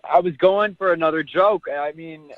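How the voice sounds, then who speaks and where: A man's voice: fairly high pitch, normal speed, a crowd in the background. A man on the phone with a radio show, defending himself and laughing things off. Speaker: caller. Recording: lo-fi phone line.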